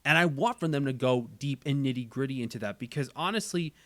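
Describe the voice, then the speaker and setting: Quick-paced and mid-range, this man's voice comes through with no echo. As a channel host in a casual chat, he speaks earnestly and repeats phrases while thinking aloud.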